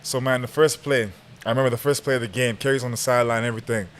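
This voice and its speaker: A young man guest on a podcast, telling a story in a casual, animated, slangy way and laughing as he goes. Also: medium pitch, rapid-fire.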